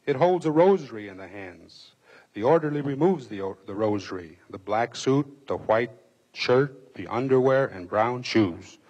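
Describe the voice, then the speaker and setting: A man giving a dramatic, measured reading of a first-person memoir passage, with a husky voice. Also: mid-range voice. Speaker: reader.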